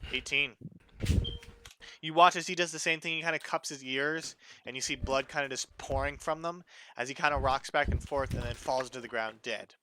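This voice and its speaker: A man's voice: mid-range voice, moderate pace, noisy background. A man acting as dungeon master, casually narrating a tabletop game with plenty of fillers.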